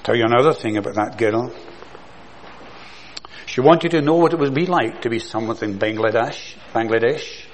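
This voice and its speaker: A man preaching a sermon in an earnest way, building to loud, passionate emphasis and then dropping soft. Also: medium pitch, moderate pace, slight background noise, low-quality recording.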